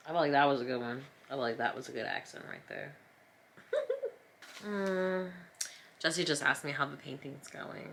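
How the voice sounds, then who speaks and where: A woman's voice: low-pitched, moderate pace, gravelly, pauses often, fairly bright tone, a little hiss or hum. A woman in her thirties from New Jersey, chatting casually to her viewers as she paints, rambling, self-mocking and playfully dramatic. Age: 30s. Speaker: vlogger. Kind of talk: casual chat while painting. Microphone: camera mic.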